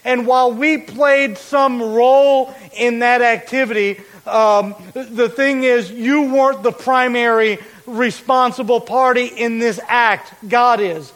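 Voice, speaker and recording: A man preaching a sermon as pastor, explaining a verse with deliberate, emphatic repetition. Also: extremely high pitch, fairly even intonation, fairly bright tone, rough recording.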